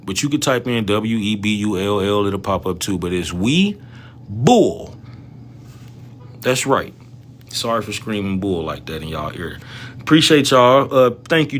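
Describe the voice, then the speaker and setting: Animated slangy man hosting a trading livestream. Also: fairly low pitch, slight background noise. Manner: animated, slangy, talks straight to viewers. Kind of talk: casual livestream chat about stock trading.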